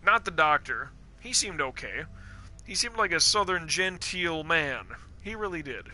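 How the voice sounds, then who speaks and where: A man streaming a game live, rambling in casual, profane, animated rants about the story's characters. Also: on the high side, unhurried.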